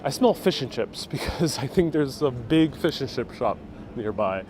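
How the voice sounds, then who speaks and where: A travel vlogger leads a live-streamed walking tour along a busy old-town street, reading viewers' chat out loud and replying casually as he goes. His mid-range voice is animated and moves at a normal speed, captured on a phone he holds while walking, with faint traffic and street noise behind him.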